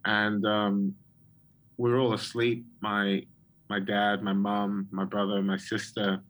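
A man's voice: fairly low pitch, completely flat delivery, slow pace, a bit bright, rough recording. A man who is a guest and a prophet, telling his personal testimony with frequent ums and restarts.

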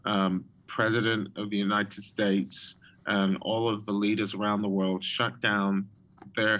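Man telling a testimony, fairly low voice. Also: a bit bright, low-quality recording. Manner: storytelling with frequent ums and restarts. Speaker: guest prophet. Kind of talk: personal testimony in an interview.

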